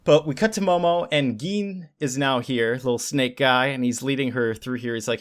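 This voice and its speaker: A man's voice: mid-range voice, moderate pace, few pauses, clean tone. Man animatedly recapping a story. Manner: animated storytelling, acts out character lines. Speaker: podcast co-host. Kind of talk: casual chat recapping a manga.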